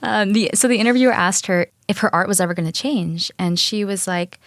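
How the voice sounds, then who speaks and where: A woman's voice: medium pitch, fairly quick, few pauses, no room sound, studio quality. A young woman co-hosting a podcast in casual chat, earnest and gushing as she retells a story. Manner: earnest and gushing, tells stories with quotes. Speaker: podcast co-host.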